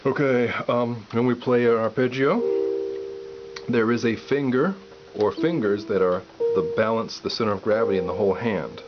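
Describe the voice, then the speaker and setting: A man giving a piano lesson, calmly explaining step by step and counting aloud. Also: fairly low pitch, normal speed. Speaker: piano teacher. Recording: dull lo-fi audio with loud piano.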